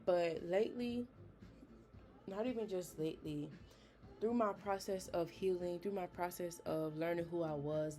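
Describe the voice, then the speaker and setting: A woman's voice: sits low, dark tone. A young woman hosting a podcast, chatting in a casual, earnest and encouraging way, with frequent fillers. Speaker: podcast host. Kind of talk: casual motivational talk.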